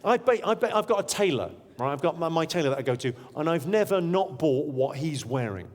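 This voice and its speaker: A man's voice: on the high side, expressive, a little fast. A man doing stand-up crowd work, teasing audience members in a brash, profane way. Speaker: stand-up comedian. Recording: live show in a large hall with loud crowd.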